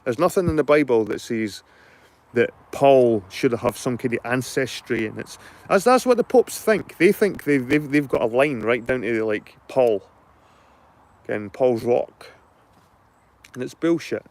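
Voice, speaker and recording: A man's voice: medium pitch, animated, a little slow. A middle-aged man with a Scottish accent, chatting casually to his viewers, rambling, repeating himself and swearing freely. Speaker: channel host.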